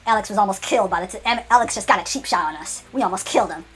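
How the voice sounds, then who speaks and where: A woman rattles off an improvised story at a fast clip, stumbling and repeating words as she goes. Her voice is husky and a bit high, with faint music underneath. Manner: excitable, repetitive, stumbling.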